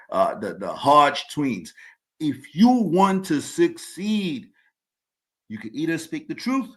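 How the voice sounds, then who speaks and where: A man's voice: medium pitch, fairly bright tone. A man hosting his own podcast, delivering an emphatic opinion monologue and repeating words as he builds his points. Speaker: podcast host.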